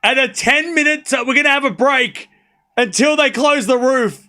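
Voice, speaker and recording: Man, watchalong host, high-pitched, bright tense tone, excitable, blunt. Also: moderate pace. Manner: excitable, blunt, swears freely. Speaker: streamer host. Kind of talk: live watchalong commentary.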